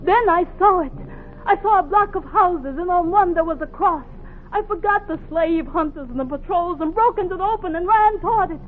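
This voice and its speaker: A defiant young runaway, high and tinny. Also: female voice, moderate pace, a little hiss or hum. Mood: breathless. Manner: earnest, defiant. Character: young enslaved woman fleeing north, determined. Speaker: narrator and lead. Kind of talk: 1950s radio drama acting. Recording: tinny old radio recording.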